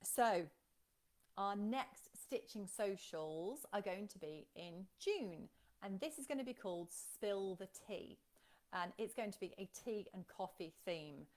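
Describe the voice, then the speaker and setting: A woman's voice: mid-range voice, animated, unhurried, a little mellow. A woman hosting a casual live stream, chatting and reading out viewer comments, with frequent ums.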